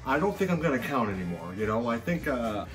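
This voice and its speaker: A middle-aged man chatting casually at home about his collecting, rambling and joking, with sudden excited bursts. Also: mid-range voice, fast talker, recorded from a distance, soft background music. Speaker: collector vlogger. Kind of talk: casual chat to camera.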